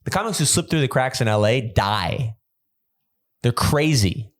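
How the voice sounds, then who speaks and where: A young adult man, a stand-up comedian hosting a podcast, telling stories in a rambling, animated way with lots of restarts. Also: mid-range voice, a little slow. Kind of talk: casual comedic chat.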